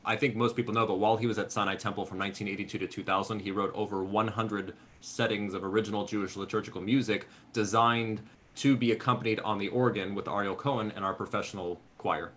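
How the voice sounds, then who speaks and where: Low-voiced guy hosting, talks fast and earnest. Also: steady tone, a bit bright, a little hiss or hum. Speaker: host cantor. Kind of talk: interview conversation.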